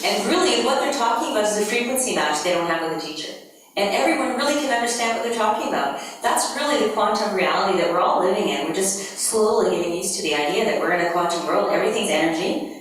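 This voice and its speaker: Talking fast and animated in a mid-range voice, this female workshop facilitator explains things to a big audience in a cheerful, conversational manner. It's a live energy workshop presentation, captured from far away in an echoing conference hall.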